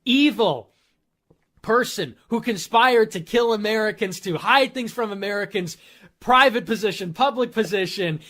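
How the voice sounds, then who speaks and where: A man's voice: sits high, moderate pace, fairly bright tone. Sarcastic ranting male host. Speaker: show host. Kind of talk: monologue commentary show.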